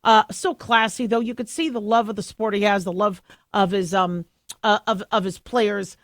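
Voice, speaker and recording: A middle-aged woman hosting a radio talk show, chatting in a rambling, animated way with many fillers and restarts. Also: mid-range voice, moderate pace, no echo, clean studio sound. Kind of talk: casual radio monologue. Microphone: studio microphone.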